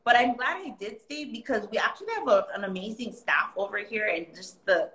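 A woman's voice: mid-range voice, fairly quick. A young Hawaiian woman with a Hawaiian accent, chatting as a guest, telling stories with lots of laughter. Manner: animated storyteller, laughing often, slipping into pidgin voices. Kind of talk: casual chat. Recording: roomy echo.

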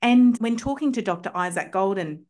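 A woman guest on a podcast recounts her experiences in an eager, chatty way. Her voice sits at a middle pitch, and her filler words tumble out between her thoughts. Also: animated, moderate pace, darkish tone. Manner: enthusiastic, chatty, frequent "like" fillers. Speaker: homeopath guest. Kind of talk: casual storytelling in a podcast interview.

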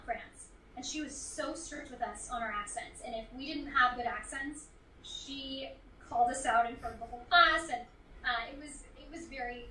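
A woman's voice: a little high, bright, forceful tone, distant mic, a little hiss or hum. A woman, a voice actress, chatting enthusiastically as a guest in a casual interview. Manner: enthusiastic, gushing. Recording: echoey room, somewhat off-mic.

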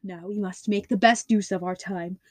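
A woman's voice: medium pitch, fairly even intonation, moderate pace, no echo, lightly acted. A woman doing a cool-headed male detective. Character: keen, commanding male detective, calm and cool.

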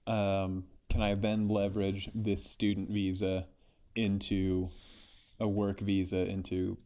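A man's voice: low-pitched, completely flat delivery, slow pace, dark tone. A man chatting casually as a podcast co-host, rambling with lots of fillers. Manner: rambling, filler-heavy, slips into mock voices. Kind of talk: casual chat.

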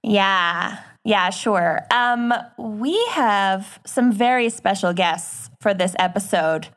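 A woman co-hosting a podcast in casual chat, unhurried and giggly. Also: medium pitch, fairly bright tone. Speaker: podcast co-host.

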